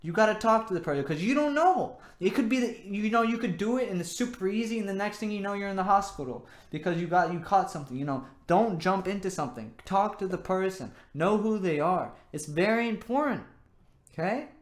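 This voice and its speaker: A man's voice: high voice, lively intonation, fairly quick, reverberant. A young man hosting his own show, giving earnest, rambling dating advice full of "you know" and repeated words. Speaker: host. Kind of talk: casual advice monologue.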